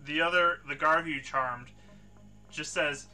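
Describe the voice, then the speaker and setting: A man narrating a tabletop game as game master in a relaxed way with frequent fillers. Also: on the high side, a little slow, faint music behind.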